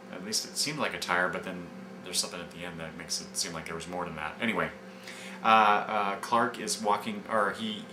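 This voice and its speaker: A man casually retelling comic book scenes in a review, rambling with many fillers and restarts. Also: low voice. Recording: echoey room with background noise.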